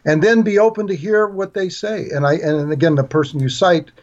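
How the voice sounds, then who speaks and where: Guy guesting on a parenting podcast, kinda high voice, earnest and steady, muffled dull sound. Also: a little fast. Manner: earnest, steady explaining with small restarts. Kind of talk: podcast interview.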